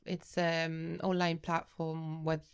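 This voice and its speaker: A woman with an Italian accent, a researcher being interviewed on a podcast, who hesitates and restarts often but gets animated when she explains. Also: low-pitched, slow, clean tone. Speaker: guest researcher.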